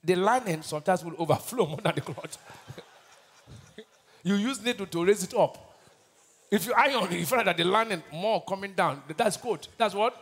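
High voiced nigerian man preaching, keeps asking the crowd "what?", loud then quiet. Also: moderate pace, long pauses, slightly rough. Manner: call-and-response preaching, asks the crowd to finish his lines; swings between loud shouted bursts and low quiet asides. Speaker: pastor. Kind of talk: sermon.

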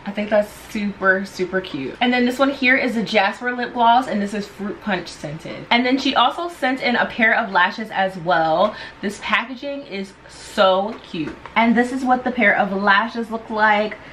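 A woman vlogger excitedly unboxing products and gushing over each item. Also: medium pitch, unhurried, few pauses, a little hiss or hum, low-quality recording. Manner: gushing, enthusiastic.

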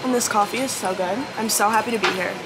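A woman's voice: mid-range voice, fast talker, heavy background noise. A young woman vlogging casually to her phone camera, gushing and upbeat as she talks through her festival trip. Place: festival trip: hotel, pool, outdoors.

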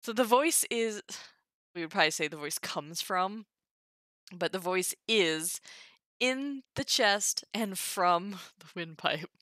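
A woman's voice: lowish voice, lively intonation, slow, fairly bright tone, no echo, clean studio sound. A young woman teaching Ancient Greek on a live stream, thinking aloud with wry asides. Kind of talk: casual live-stream lesson.

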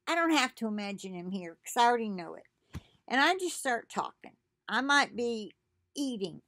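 A woman reading devotional messages aloud at home in a slow, earnest way, breaking off for chatty asides. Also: on the high side, no room sound, studio quality. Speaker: devotional video host.

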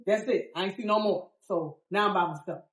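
A woman's voice: mid-range voice, a little fast. Woman biker telling a road story, dramatic, acts out quotes, far off mic, roomy. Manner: dramatic, acts out quotes, swings from loud to hushed. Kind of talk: animated storytelling in a group interview.

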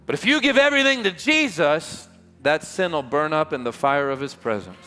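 A man's voice: a little high, lively intonation, sharp tone, slight background noise. Impassioned preacher man in a reverberant hall. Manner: impassioned, emphatic preaching with dramatic slowdowns. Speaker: pastor. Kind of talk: revival sermon. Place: large church hall with music behind. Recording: live church hall reverb.

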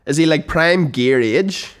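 A man's voice: on the high side, smooth. A man co-hosting a podcast, making crude jokes and backing up his co-host. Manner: quick agreeing interjections, dry crude jokes. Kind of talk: crude comedic banter.

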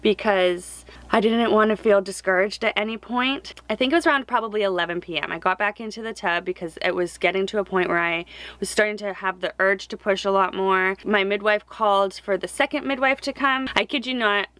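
A woman's voice: medium pitch, fairly quick, fairly bright tone, no echo. A young woman telling her own story to camera, heartfelt and close to tears at times. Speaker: vlogger. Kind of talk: personal story told to camera.

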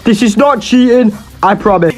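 A man's voice: high-pitched, moderate pace, over music. A young man giving swearing, exasperated, jokey commentary over his own gameplay. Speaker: gaming YouTuber.

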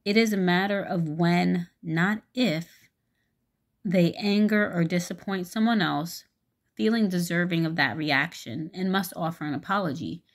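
Deep-voiced woman telling a rambling story. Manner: rambling, halting, with many fillers; frank, swears casually. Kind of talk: casual storytelling vlog.

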